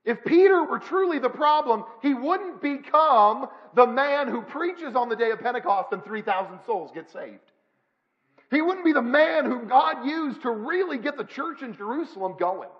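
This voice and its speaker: A man's voice: very high voice, animated, moderate pace, highs cut off. A male pastor preaching a sermon in a church, emphatic, with repeated phrases. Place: church sanctuary.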